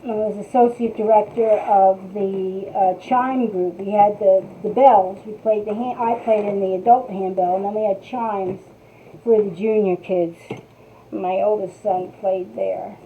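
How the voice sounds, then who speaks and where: A woman's voice: medium pitch, fairly even intonation, unhurried, warm tone, slight background noise. A middle-aged woman with a North New Jersey accent, chatting in a rambling way as she hosts a craft tutorial and speaks to viewers. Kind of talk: casual chat while crafting. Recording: tinny phone-like sound.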